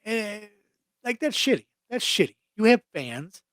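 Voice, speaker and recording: A man's voice: high voice, sing-song, measured pace, fairly bright tone, dry recording. Blunt, profane man ranting. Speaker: podcast co-host. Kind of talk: casual chat.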